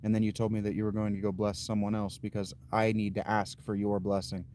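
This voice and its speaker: A man with a lowish, mellow voice hosts a livestream, answering his chat in a slow, dry, blunt way. He thinks out loud, trailing off and restarting his sentences. A faint hiss of noise sits under the recording. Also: flat delivery. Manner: unhurried, thinks aloud with fillers and restarts. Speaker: livestream host. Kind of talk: casual chat reading viewer comments.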